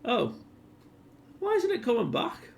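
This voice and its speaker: A man's voice: very high-pitched, wildly swooping pitch, measured pace, vocal fry, a little mellow, slight background noise, pitched above the performer's own voice, full character voice. A man voicing a gleeful, sneering male villain with thorn powers, with a mocking, taunting manner. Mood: baffled.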